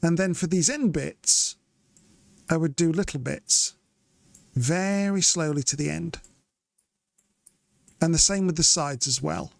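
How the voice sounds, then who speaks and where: A man's voice: fairly high pitch, a little slow, vocal fry, pauses often, no room sound. A man giving chatty live commentary as he plays and explains his method step by step. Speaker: streamer.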